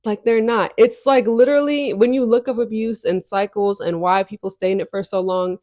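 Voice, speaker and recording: A woman's voice: medium pitch, fairly even intonation, a little fast, warm tone, no echo, clean studio sound. A young woman hosting a podcast, telling a personal story in a casual, emphatic way full of "like" and "um". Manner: casual and emphatic, heavy use of "like" and "um". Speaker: podcast host.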